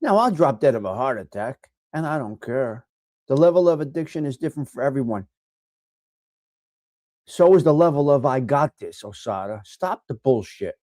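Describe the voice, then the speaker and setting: A middle-aged man with a New York accent hosting a casual live chat, giving blunt, profane tough love to viewers and swinging from low mutters to loud outbursts. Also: animated, moderate pace, no echo, clean studio sound. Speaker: livestream host reading chat.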